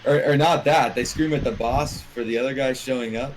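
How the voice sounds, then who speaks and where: A man's voice: mid-range voice, steady tone, fairly quick. A man in casual chat over a card game, arguing in a crude, joking way. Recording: noisy background.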